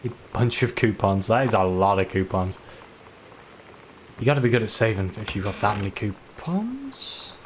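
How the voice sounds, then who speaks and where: A man's voice: on the low side, sing-song, moderate pace, background noise. A man giving let's play commentary, chatty and self-deprecating, reading notes aloud as he explores. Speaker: video game player.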